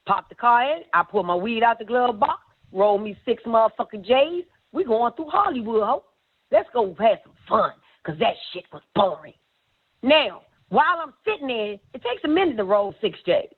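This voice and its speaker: A woman telling a story in a loose, cursing style, pitched a little high for a woman. Her voice comes through a thin, tinny line like a phone call. She keeps acting out what other people said. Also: normal speed, breathy edge. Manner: animated, profane, acts out quotes. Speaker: guest telling stories. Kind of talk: casual storytelling.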